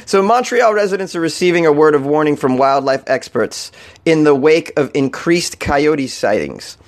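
Young male talk host from New England, jokey and profane, slightly high voice. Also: animated, normal speed. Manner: irreverent, jokey, swears, laughs at own jokes. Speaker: radio show host. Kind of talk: casual comedic news chat.

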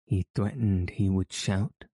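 A man narrating an audiobook in a measured, even storytelling manner. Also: deep voice, breathy edge, dry recording. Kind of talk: scripted narration.

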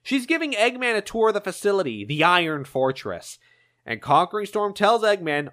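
Guy on a podcast retelling comic plots, lively voice, kinda high. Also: normal speed. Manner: narrating plot, animated. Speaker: podcast co-host. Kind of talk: recapping comics, casual chat.

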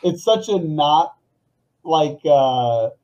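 A man's voice: fairly high pitch, expressive, extremely slow, darkish tone, highs cut off. A young man chatting enthusiastically as a podcast co-host, loose and full of slang. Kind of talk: casual chat.

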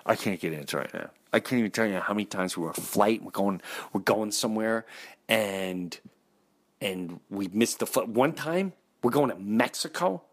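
A man and comedian hosting a podcast, telling exasperated, animated comic stories and acting out voices. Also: on the low side. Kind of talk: comic storytelling.

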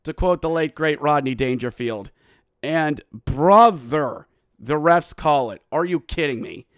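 Excitable man doing a hockey podcast recap. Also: a little high, unhurried, clear, resonant tone, dry recording, clean studio sound. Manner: excitable, mock-outraged, shouts during goals. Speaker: podcast host. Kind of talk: animated hockey recap with play-by-play.

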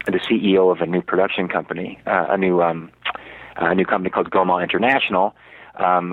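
A man's voice: low-pitched, no room sound. A male actor telling a story as an interview guest, rambling with many fillers and restarts. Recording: dry, tinny, phone-like radio audio.

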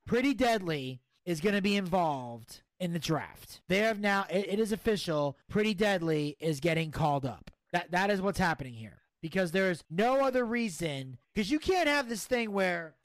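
A man's voice: high voice, lively intonation, normal speed, few pauses, no room sound. A man hosting a podcast, giving blunt, opinionated wrestling recaps in casual chat. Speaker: podcast host.

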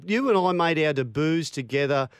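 A man's voice: fairly high pitch, lively intonation, normal speed, clean tone, no room sound. A middle-aged Australian man, a sports broadcaster, bantering and telling stories with a laugh. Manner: laughing, storytelling, good-humoured. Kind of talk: casual banter.

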